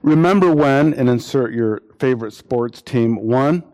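A man preaching a sermon, repeating phrases for emphasis and acting out imagined quotes in lively voices. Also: medium pitch, measured pace.

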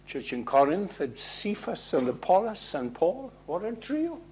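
A man preaching a sermon, emphatic, asking rhetorical questions and swinging between loud declarations and hushed lines. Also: sits high, sing-song, unhurried, slightly rough.

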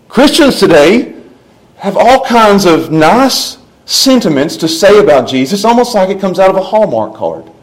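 A man's voice: high voice, low-quality recording. A man preaching a sermon, emphatic, with rising and falling delivery. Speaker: pastor.

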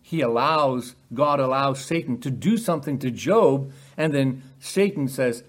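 A man preaching a sermon, posing rhetorical questions and acting out quoted lines with animated emphasis. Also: medium pitch, unhurried, hardly any pauses.

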